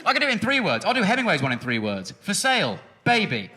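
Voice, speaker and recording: A high-voiced man talks quickly during his stand-up routine in a large music hall, speaking into a stage mic. The comedy is sarcastic and punchy, delivered with animation and bursts of shouting.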